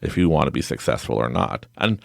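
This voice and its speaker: A podcast host, a man with a very low voice and a gravelly, creaky edge. His pitch swings widely as he rambles through stories, laughing often. The sound is close and dry. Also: brisk, dry recording. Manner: rambling, animated storyteller who laughs often. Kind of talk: casual interview chat.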